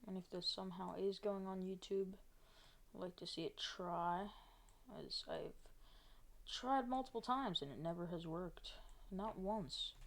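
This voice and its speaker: A woman's voice: fairly low pitch, unhurried. A woman live streaming, chatting casually to an almost empty chat while she works on a map. She talks in a rambling, self-mocking way.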